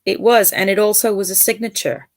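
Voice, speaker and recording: A woman's voice: mid-range voice, fairly even intonation, fairly quick, no room sound. A woman co-hosting a casual podcast chat, agreeing readily and adding short remarks. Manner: agreeable, short backchannel replies. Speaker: podcast co-host.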